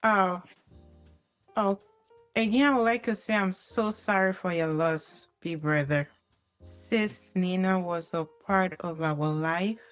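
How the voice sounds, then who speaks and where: A woman calling in to a live stream to share a tearful, heartfelt tribute, speaking in a halting way and holding back tears. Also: fairly low pitch, soft background music. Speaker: caller sharing a tribute. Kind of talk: emotional phone-in tribute.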